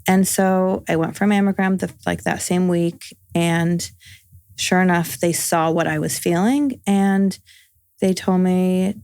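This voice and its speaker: A woman's voice: on the low side, steady tone, a little slow, a little mellow, clean tone, no room sound, clean studio sound. A woman in her forties, a podcast guest telling a personal story in casual conversation, earnest and full of reported dialogue. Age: 40s.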